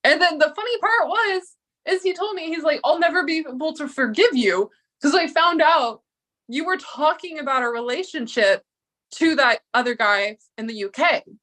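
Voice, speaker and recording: A woman's voice: sits high, lively intonation, normal speed, fairly bright tone. A woman giving a casual confessional monologue, emotional and profane, acting out the lines of the people she quotes. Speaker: storyteller recounting a breakup.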